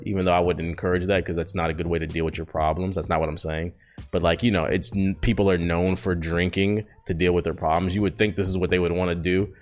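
Low-voiced American guy ranting casually. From United States. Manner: loose and profane, full of fillers, swings from excited to low mutters. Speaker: podcast host. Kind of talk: casual solo podcast monologue.

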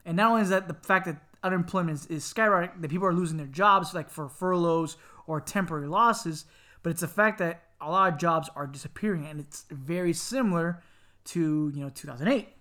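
A man co-hosting a casual podcast, an animated storyteller who jokes around and slips into loud laughing impressions. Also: fairly high pitch, fairly quick. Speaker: podcast co-host.

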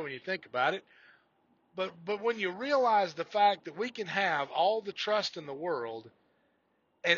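Bright-voiced man preaching folksy devotional. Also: sits high, husky, no echo, dull audio. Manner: folksy storytelling with frequent restarts. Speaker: podcast preacher. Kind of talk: informal devotional sermon.

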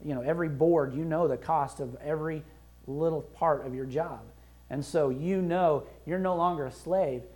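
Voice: medium pitch, moderate pace, a little mellow. A pastor preaching a sermon in a conversational, emphatic way, acting out prayers and quotes as he goes. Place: church.

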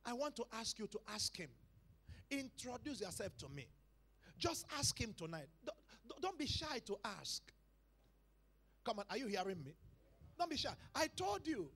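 A male pastor preaching a sermon to a church congregation, dropping to hushed lines and rising to loud shouted calls, repeating phrases for emphasis. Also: extremely high pitch, sing-song, moderate pace, pauses often, slightly rough. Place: church service.

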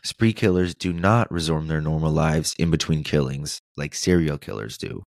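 A man's voice: very deep voice, normal speed, a little mellow, no echo, clean studio sound. A man hosting a true-crime podcast, narrating the case with sarcastic asides and reading quotes aloud. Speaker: podcast host.

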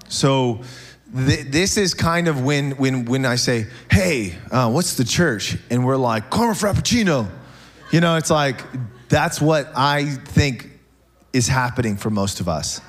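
A man preaching a sermon in church, animated and joking with the congregation, often checking in with "okay?". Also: mid-range voice. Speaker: pastor.

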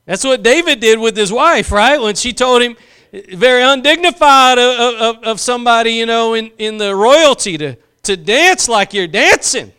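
A man's voice: very high voice, lively intonation, moderate pace, bright, forceful tone, clear, resonant tone. A man preaching a sermon, impassioned, drawing out key phrases for emphasis and acting out quotes.

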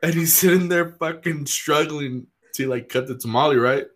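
A man's voice: fairly high pitch, moderate pace, a bit bright. A man in casual chat who swears a lot, laughs often and acts out the people in his stories.

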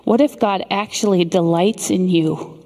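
A middle-aged woman giving a sermon, telling a story in an earnest, measured way with dramatic pauses. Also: fairly low pitch, darkish tone. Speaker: speaker. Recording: long hall reverb.

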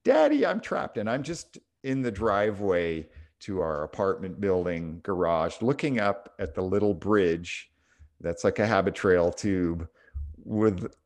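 A man's voice: low voice, unhurried, darkish tone. A middle-aged man telling a story on a casual spiritual podcast, reflective and full of small restarts. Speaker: podcast co-host.

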